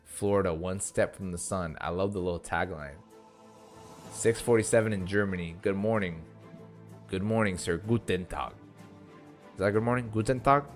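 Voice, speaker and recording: With faint music behind him, a young East Coast American man streams and reads out his chat in a casual, profane way. He has a low voice, speaks at normal speed and pauses often.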